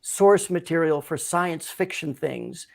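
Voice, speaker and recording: Speaking in a creaky, fairly high voice, an older sound designer talks about his work as a guest in a relaxed interview. His explanations are thoughtful and measured.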